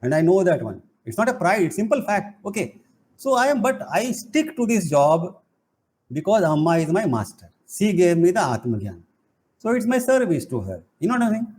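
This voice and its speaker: A middle-aged man, giving an animated spiritual talk full of playful, emphatic rhetorical questions. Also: high voice, normal speed. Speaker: spiritual teacher and college head.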